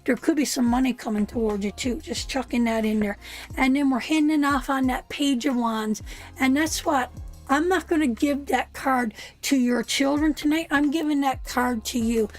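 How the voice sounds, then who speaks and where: A high-pitched woman reads tarot live, warm in tone but blunt, calling the listener sweetheart again and again. Faint music plays softly underneath her voice. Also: normal speed. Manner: soothing, repeats "sweetheart" often, emphatic and earnest; blunt, swears now and then. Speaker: tarot reader.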